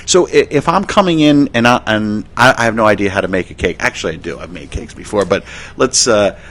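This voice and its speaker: Low-voiced man hosting live radio. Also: expressive, a little fast, a bit bright. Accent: Philadelphia Italian. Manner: rambling, self-correcting, joking. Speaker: radio show host. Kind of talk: live local radio chat.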